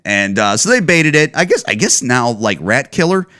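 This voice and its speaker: A man's voice: medium pitch, moderate pace. A man hosting a podcast, ranting casually and swearing a lot. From Chicago. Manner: profane, animated ranting. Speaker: podcast host. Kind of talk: casual rant.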